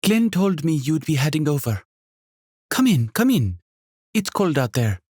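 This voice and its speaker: A man voicing a chatty woman in her sixties who runs a bed and breakfast, with a faint Jamaican accent and rapid-fire energy. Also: a little high, very animated, darkish tone, slightly rough, no echo, studio quality, voice pushed up, heavily acted. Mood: bubbly. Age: 60s.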